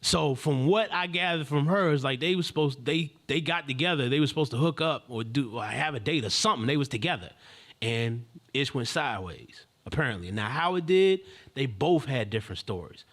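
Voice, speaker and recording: A man's voice: medium pitch, lively intonation, brisk, a bit bright. A man hosting a live stream, telling a story in a casual, rambling, slangy way with many asides and restarts.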